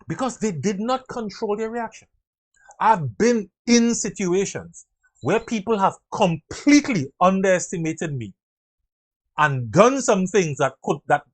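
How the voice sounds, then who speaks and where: A middle-aged man speaks earnestly on leadership, his fairly high voice leaping up and down in pitch. He swings between loud bursts and soft asides, acting out quotes and sounds as he goes. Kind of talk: motivational talk.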